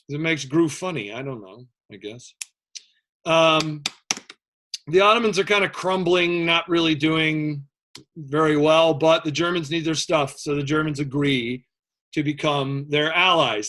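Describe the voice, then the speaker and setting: Speaking with a bright, forceful tone that sits slightly high for a man, a male history teacher gives a casual, conversational lecture. Joking tangents packed with fillers pull him away before he circles back to the material.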